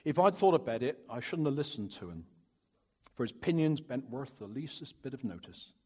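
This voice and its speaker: A man doing a devout old Cornish countryman, telling his tale in thick rustic dialect. The voice is husky and breathy, and it rings out with a long echo through a big church hall. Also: medium pitch, very animated, a little fast, mellow. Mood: earnest, indignant. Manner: folksy, earnest storytelling in rustic dialect. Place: church during a service. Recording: long reverb of a large hall.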